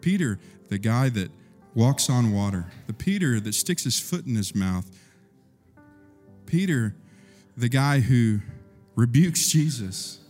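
A man's voice: lively intonation, takes it slowly, a little mellow, faint music behind. Guy preaching, takes his time, long hall echo, voice climbs when he gets fired up. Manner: storytelling, acts out quoted voices, rises in pitch and force when stirred. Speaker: pastor. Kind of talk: sermon. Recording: long reverb of a large hall.

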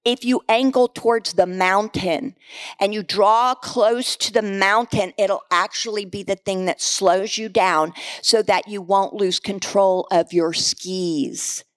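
A woman voicing a male ski instructor with a put-on accent, giving steady, coaxing instructions. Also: medium pitch, slow pace, dry recording, pitched below the performer's own voice, lightly acted.

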